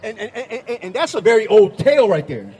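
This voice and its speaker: A man's voice: sits high, big pitch swings, fast, a little mellow, slightly rough, long reverb tail. A man joining a heated street debate outdoors, emphatic, stammering and repeating his words.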